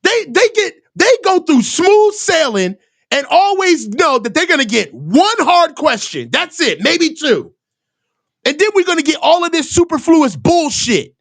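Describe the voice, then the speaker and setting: The host of a live reaction show delivers a profane sports rant about a press conference, dripping sarcasm, swearing heavily, and parodying reporters in mocking voices. The high-sitting voice is very animated and fairly bright, a little slow, with no room sound.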